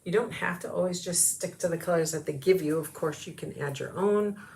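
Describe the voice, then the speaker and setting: A woman's voice: lowish voice, brisk, vocal fry, darkish tone, slight background noise. A woman talking viewers through a craft project in a chatty tutorial, often dropping into whispers as she works. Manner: chatty, talks to viewers while working, often drops to whispers. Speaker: craft demonstrator. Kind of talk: casual craft tutorial chat.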